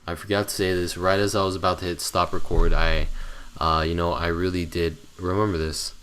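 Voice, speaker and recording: Low-voiced teenage guy rambling to viewers. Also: level tone, brisk, a bit bright, a little hiss or hum. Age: teens. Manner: rambling, hesitant with many fillers; irritable, grumbling. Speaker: gaming channel host. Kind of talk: casual chat to viewers.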